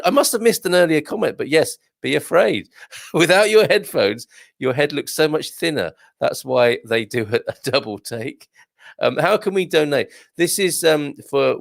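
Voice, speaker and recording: A man hosts a casual live show, reading viewer comments aloud and chatting back jokily with lots of fillers and restarts. His mid-range voice is gravelly, and the recording is dry.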